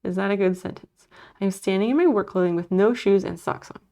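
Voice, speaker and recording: A woman streamer crochets while chatting casually with her viewers and replying to their messages, muttering and swearing under her breath as she works. Her medium-pitched voice is brisk and mellow.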